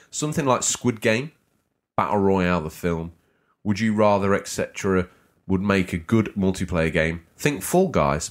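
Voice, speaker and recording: Low-voiced, playful podcast host. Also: male voice. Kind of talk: casual podcast chat, reading live chat.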